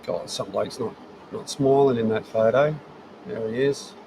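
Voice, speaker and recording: A middle-aged Australian man talks at an ordinary medium pitch, rambling easily through an impromptu livestream from his home shed. He chats to his viewers while he fiddles with his gear, full of fillers and restarts. A faint background hum sits behind him. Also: unhurried. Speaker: livestream host. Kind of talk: casual live-stream chat.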